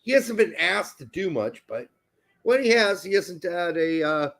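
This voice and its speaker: Guy yelling and swearing through a soccer watch-along, high bright voice. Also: unhurried. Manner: excitable, profane, bursts into shouting over goals. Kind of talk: casual live match watch-along chat.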